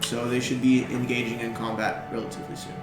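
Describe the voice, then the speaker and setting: A man's voice: mid-range voice, flat delivery, quick pace. Man, dungeon master, casual narration, roomy echo, faint background music. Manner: chatty, laughing, with fillers. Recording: echoey room with music behind.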